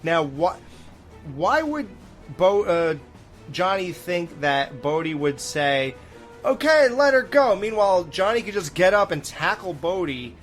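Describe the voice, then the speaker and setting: A man's voice: fairly high pitch, unhurried. Guy cohosting a movie review podcast, voice jumps all over, laughs a lot, bit of music behind. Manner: animated, laughs often, acts out movie lines. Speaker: podcast co-host. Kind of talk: casual movie review chat.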